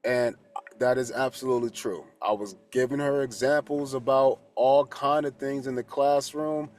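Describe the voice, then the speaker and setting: A man's voice: mid-range voice, fairly even intonation, moderate pace, darkish tone, soft background music. Rambling, candid male tarot coach. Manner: rambling and candid, swears freely, restarts often. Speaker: holistic coach and tarot reader. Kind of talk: casual spoken reflection.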